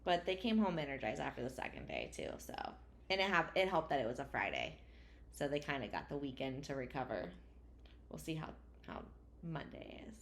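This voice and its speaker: A woman in her thirties co-hosting a casual podcast chat, relaxed and quick to laugh. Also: a bass voice, creaky. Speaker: podcast co-host.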